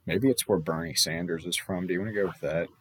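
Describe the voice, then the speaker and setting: A man's voice: sits low, quick pace, fairly bright tone, a little hiss or hum. A young man casually playing a trivia game with a friend, reading questions aloud, swearing and laughing. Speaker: gamer playing a trivia quiz. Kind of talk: casual gaming commentary.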